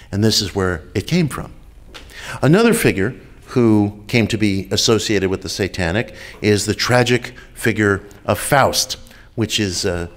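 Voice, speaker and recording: Deliberate New man lecturing. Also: on the low side, a bit bright. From United States. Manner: deliberate, repeats key phrases for emphasis. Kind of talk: measured public lecture. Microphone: video call.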